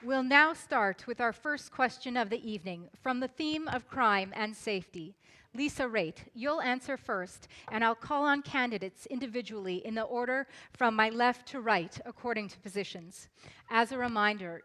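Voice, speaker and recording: A woman moderating a debate in a clear, measured, formal way, reading out the rules and questions. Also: a little high, bright, forceful tone.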